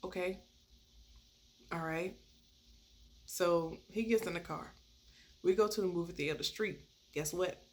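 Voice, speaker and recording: A woman telling a personal story in a casual, animated way, laughing as she goes and jumping high when she acts out quoted lines. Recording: faint background noise.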